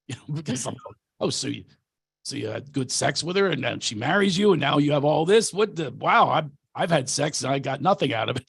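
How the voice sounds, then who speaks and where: Gravelly man telling animated stories. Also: on the high side, no echo, clean studio sound. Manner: animated, acts out quotes, laughs often. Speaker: comedian speaking at an actors' workshop. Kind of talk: storytelling talk.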